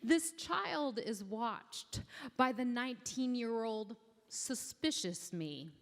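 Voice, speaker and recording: A woman in her forties performing spoken word poetry on stage, with deliberate, dramatic storytelling. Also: fairly high pitch, expressive. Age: 40s. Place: awards event stage. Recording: long hall reverb on stage.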